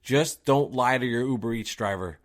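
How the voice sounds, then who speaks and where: A man's voice: mid-range voice, normal speed. Ranting man telling a story. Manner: ranting, worked up, rhetorical questions; lively swings between loud and quiet. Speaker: podcast host and delivery driver. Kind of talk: casual storytelling monologue.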